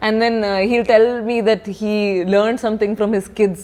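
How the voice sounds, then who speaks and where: A young woman with a Malayali English accent chatting in an interview, bubbly and quick to laugh. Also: medium pitch, level tone, a little mellow. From Kerala, India. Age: young adult. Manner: bubbly, laughs often, acts out quoted dialogue. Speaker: film actress, guest. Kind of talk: casual interview chat mixing English and Malayalam.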